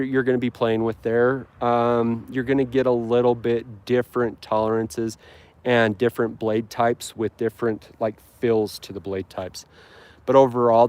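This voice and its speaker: A man's voice: mid-range voice, a little mellow. Rambling man chatting on a live stream. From Utah. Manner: rambling, upbeat, frequent ums and restarts. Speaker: lawn care livestreamer. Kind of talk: casual live stream chat. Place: outdoors on his lawn. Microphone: handheld phone camera.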